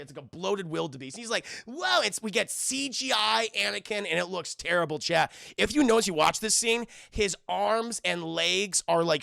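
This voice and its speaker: Excitable high gravelly man. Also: no room sound, clean studio sound. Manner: crude, excitable, laughs often, talks to chat. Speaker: film reviewer and streamer. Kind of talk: casual livestream commentary.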